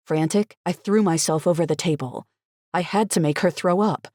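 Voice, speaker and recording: A woman with a low voice narrates a first-person thriller at a measured, steady pace. The sound is close and dry, with no room echo. Her delivery stays controlled and even. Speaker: audiobook narrator.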